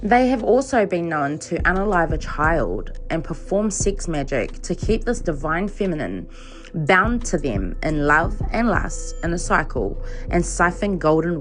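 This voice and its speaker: A low-pitched woman delivers a casual psychic reading, cursing freely and laughing as she goes. She keeps checking in with her listeners with a quick "okay?", while faint music plays behind her. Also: very animated. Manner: profane, laughs often, keeps asking "okay?". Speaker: psychic reader. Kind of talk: casual tarot reading monologue.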